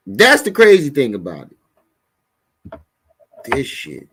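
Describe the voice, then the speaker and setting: A man's voice: medium pitch, wildly swooping pitch, slow pace, sharp tone, slightly rough. Exasperated man reacting on a live stream. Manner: exasperated, mocking, stammers when frustrated.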